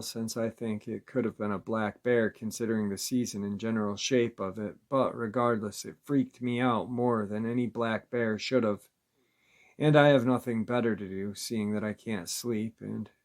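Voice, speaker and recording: A man narrating listeners' creature encounter stories in a steady, measured reading voice. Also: fairly low pitch. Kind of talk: scripted narration.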